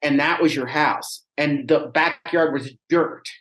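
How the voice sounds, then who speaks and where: A man talking as a podcast guest, telling a personal story in an animated, rambling way. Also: fairly high pitch, unhurried. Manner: animated, chatty, rambling with restarts. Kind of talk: casual storytelling chat.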